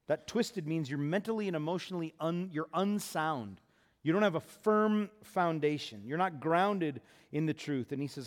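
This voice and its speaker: A man preaching a sermon, acting out the voices of the people in his story and speaking with lively, conversational emphasis. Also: sits high, long reverb tail. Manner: animated, acts out Jesus and disciples. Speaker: pastor.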